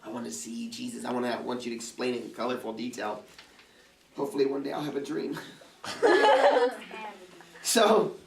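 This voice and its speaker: A man's voice: mid-range voice, animated, normal speed, vocal fry, long pauses, slight background noise. A man preaching a casual, joking youth sermon as a youth pastor, acting out prayers in funny voices. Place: church youth service room. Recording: echoey church hall, mic at a distance.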